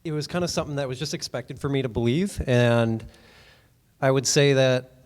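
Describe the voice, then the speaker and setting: A man telling his personal faith story in an interview, speaking softly and hesitantly. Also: medium pitch, moderate pace.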